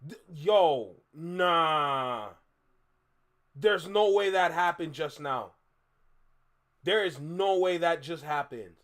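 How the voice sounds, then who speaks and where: A man's voice: a little high, expressive, slow pace, long pauses, a bit bright. A man hosting a live stream, ranting in exasperation at his viewers, repeating himself with bursts of laughter. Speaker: live-stream reaction host. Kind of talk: casual live-stream rant.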